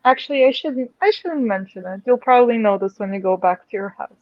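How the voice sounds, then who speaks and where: A woman's voice: on the high side, fast talker, no room sound, muffled recording. A woman playing in a tabletop game, giggly and coy as she talks. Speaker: player. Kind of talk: casual chat.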